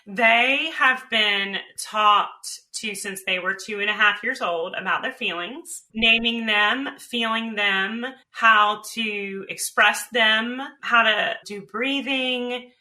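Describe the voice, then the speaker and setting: A middle-aged woman talking as a podcast guest, candid and animated, telling stories about her life and family. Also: on the high side, slow pace, hardly any pauses. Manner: candid, animated storyteller, swears casually. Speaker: podcast guest, author and speaker. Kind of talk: casual interview talk.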